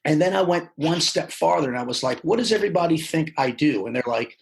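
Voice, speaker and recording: A man telling his life story as a podcast guest, animated, acting out the people he quotes. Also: a little high, quick pace, gravelly, few pauses, poor audio. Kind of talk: casual storytelling interview.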